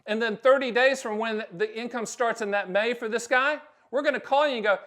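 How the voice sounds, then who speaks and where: A middle-aged man hosting a direct-to-camera explainer, blunt and emphatic with sudden loud bursts. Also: very high-pitched, fairly quick, hardly any pauses. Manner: acts out short quoted exchanges. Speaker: host.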